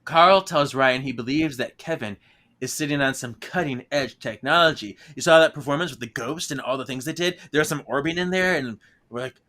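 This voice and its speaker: A man's voice: medium pitch, fairly quick. A man co-hosting a podcast in casual chat, recapping a book with lots of laughter and acted-out lines. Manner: animated, laughing often, acts out characters' lines. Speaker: podcast co-host.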